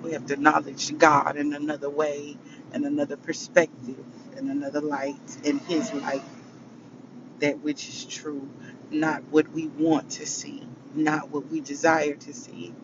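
A man with a slightly high voice and a gravelly, fry-laced edge preaches to his viewers, calling them baby and honey. He sounds emotional after a hard day. The sound is muffled, and loud vehicle noise runs underneath. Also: completely flat delivery, measured pace. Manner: preachy, affectionate, calls listeners baby and honey. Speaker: vlogger. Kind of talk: casual spiritual talk to viewers.

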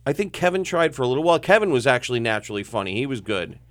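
A man co-hosting a comedy radio show in easy, joking banter. His voice swings widely in pitch as he mocks himself. The studio sound is dry and close. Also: big pitch swings, very fast, dry recording. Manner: wry, self-mocking, laughs often. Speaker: co-host.

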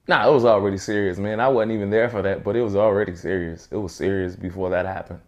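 A man with a low voice answers interview questions in a laid-back, casual way. He comes back to the same point again and again for emphasis. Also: steady tone, fast, lo-fi sound. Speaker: interview guest.

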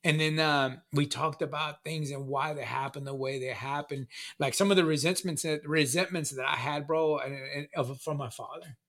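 Rambling man, bright forceful voice. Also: fairly high pitch, fairly even intonation. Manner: rambling, halting, repeats words, says "man" often. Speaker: guest sharing recovery story. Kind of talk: casual conversation, personal storytelling.

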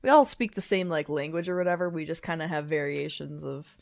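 A woman from the United States talks in a loose, rambling way. She fills her talk with fillers and breaks into laughs, and her voice sits on the low side for a woman. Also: fairly quick, creaky, a crowd in the background. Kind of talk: casual chat.

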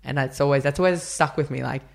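Casual guy with a creaky edge to his voice, a chatty interview guest acting out quotes. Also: medium pitch, quick pace. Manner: chatty storyteller, acts out quotes, many fillers. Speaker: podcast guest, runner.

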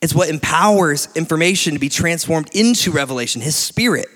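Animated male preacher in a reverberant hall. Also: on the high side, fairly quick. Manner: animated storytelling, laughs often. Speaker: pastor. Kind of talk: sermon. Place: church hall.

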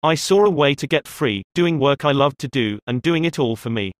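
A man's voice: medium pitch, animated, normal speed, dry recording, clean studio sound, close to an everyday voice. A man voicing an exhausted, desperate woman who owns a pie shop, speaking in an emphatic, venting way.

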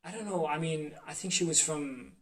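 Crude joker, man with a slightly higher voice, rambling and teasing. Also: moderate pace. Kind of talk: casual chat.

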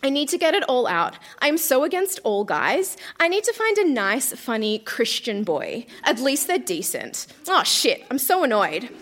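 Woman reader, high bright voice, lively pitch, melodramatic with giggles, live on stage. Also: a little slow, few pauses. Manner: melodramatic, laughing through the reading. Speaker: reader of her childhood diary. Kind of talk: live reading to a theatre audience. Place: theatre stage.

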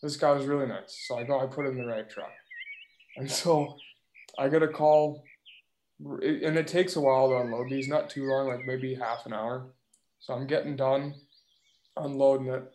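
A man who drives a delivery truck, telling a work story in animated casual chat. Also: mid-range voice, normal speed. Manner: animated, vivid retelling. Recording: roomy echo with faint noise.

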